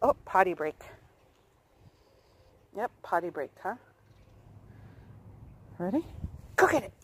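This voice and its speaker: A woman's voice: mid-range voice, big pitch swings, takes it slowly, a little hiss or hum. A woman filming her puppy outdoors, coaxing and praising him in a sing-song voice. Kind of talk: casual talk to a dog.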